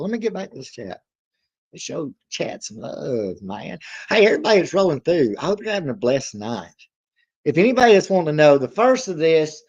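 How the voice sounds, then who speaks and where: A man's voice: on the high side, muffled recording. A man, chatting casually as a livestream host, rambling in a folksy way, laughing often and reading viewer comments aloud.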